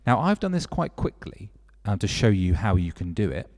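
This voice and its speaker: A man's voice: fairly low pitch, sing-song, moderate pace, darkish tone, in a large hall. A man leading a children's music workshop, explaining step by step in an encouraging way.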